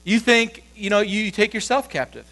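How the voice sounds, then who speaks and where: A male pastor giving a sermon in a conversational, storytelling way, with quick shifts as he acts out the voices of others. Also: pushed and bright. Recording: low mains hum.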